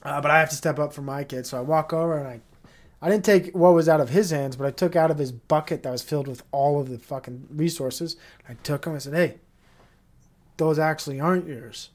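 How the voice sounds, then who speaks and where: A man's voice: on the high side, steady tone, fast. A man in his thirties hosting a solo podcast, talking in a rambling, profane way with lots of fillers and tangents. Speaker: podcast host. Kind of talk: casual solo podcast monologue.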